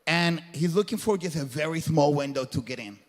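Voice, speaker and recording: Speaking a little fast with lively intonation, this man has a voice on the high side. He's a guest speaker giving a motivational faith talk to a live audience in an event hall, earnest and preacher-like with a colloquial turn of phrase. Long reverb from the hall fills the recording.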